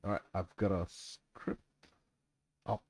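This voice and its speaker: A man's voice: deep voice, level tone, slow, a little mellow. A man who makes gaming videos, muttering to himself with jokes and lots of fillers as he checks his mic and then reads a casual script.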